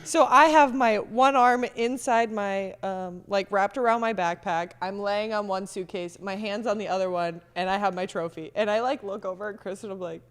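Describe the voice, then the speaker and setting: A woman's voice: medium pitch, moderate pace, few pauses, clear, resonant tone, big-room sound. A young woman, a pro beach volleyball player, telling a story in casual chat and acting out the quotes. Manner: animated, acts out quotes, laughs often.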